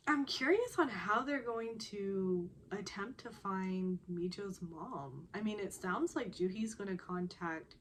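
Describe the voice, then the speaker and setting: A woman's voice: fairly low pitch, a little hiss or hum. A woman casually recapping a television drama episode, chatty and laughing often. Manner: chatty, laughs often, animated when quoting characters.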